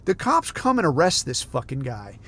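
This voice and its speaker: A man's voice: medium pitch, huge pitch swings, normal speed, a bit bright. A man from the United States, hosting a podcast and ranting in a heated, profane, sarcastic way. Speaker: podcast host.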